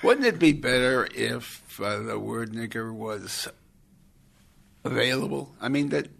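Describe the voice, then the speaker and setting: Man, podcast co-host, gravelly voice, dry jokes, casual chat. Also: mid-range voice, animated, unhurried, fairly bright tone.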